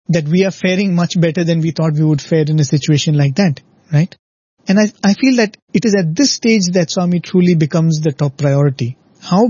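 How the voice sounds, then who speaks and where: Earnest devotional speaker, male, breathy tone, lo-fi close recording. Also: sits high, warm tone, no room sound. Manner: earnest, reflective, frequent tag questions. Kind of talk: devotional talk. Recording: dull lo-fi dry recording.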